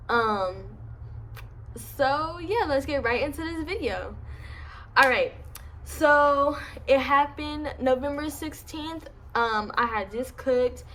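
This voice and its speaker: A woman's voice: high-pitched, low-quality recording. A young woman with a lisp from braces, telling a casual storytime at home in a chatty, slangy way. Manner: chatty, slangy, animated retelling. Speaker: vlogger. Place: home, indoors.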